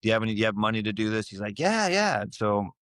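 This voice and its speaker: A man's voice: lowish voice, completely flat delivery, racing, a bit bright, smooth, dry recording. A middle-aged man telling a personal story in a casual interview, acting out the voices of people he quotes. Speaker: podcast guest.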